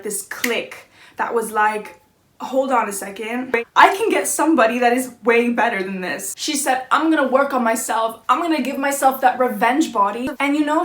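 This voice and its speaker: A woman's voice: on the high side, fairly bright tone, roomy sound. A young woman in her twenties hosting a casual vlog, brash and profane, giving a hyped-up pep talk straight to the viewers. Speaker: vlogger, channel host. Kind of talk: casual direct-to-camera vlog.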